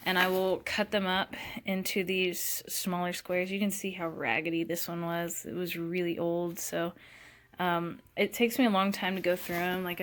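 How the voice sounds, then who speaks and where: A woman's voice: medium pitch, a bit bright. Woman, young adult, casual vlogger, rambling tour, faint hiss behind. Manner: chatty, many fillers and restarts. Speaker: vlogger giving a studio tour. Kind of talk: casual chat.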